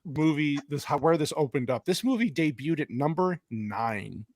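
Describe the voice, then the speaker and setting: A man hosting a casual movie podcast, excitable, swearing a lot and laughing often. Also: a little high, normal speed, no echo. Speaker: podcast host.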